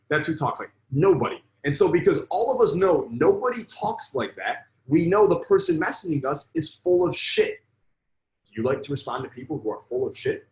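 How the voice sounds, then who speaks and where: A man's voice: fairly high pitch, a little mellow, reverberant, poor audio. Blunt, profane man teaching a sales lesson. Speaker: sales coach. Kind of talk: live online sales lesson.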